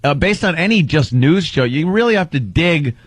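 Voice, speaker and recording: A male comedian throwing out sardonic jokes in casual radio banter, his pitch swinging widely as he talks. The sound is dry and close, with no room around it. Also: animated, moderate pace, no echo. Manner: sardonic, joking asides. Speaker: comedian guest.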